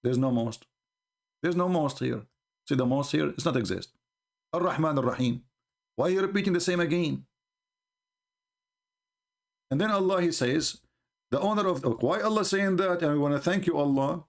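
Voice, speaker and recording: A man giving live-streamed commentary in an emphatic, scornful, mocking manner, often halting with fillers and restarts. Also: fairly high pitch, gravelly.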